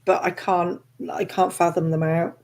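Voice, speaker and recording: A woman hosting a casual chat, talkative and quick to laugh and exclaim. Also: fairly low pitch, flat delivery, a little mellow. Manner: chatty, laughs easily, exclaims. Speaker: host.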